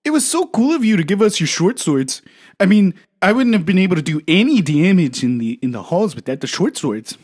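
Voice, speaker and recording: A man's voice: sits high, very animated, fairly quick, darkish tone, pitched below the performer's own voice. A man voicing a cocky, boastful male frog sports host who brags in crude rhymes. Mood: chatty. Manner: brash, crude bragging rhymes.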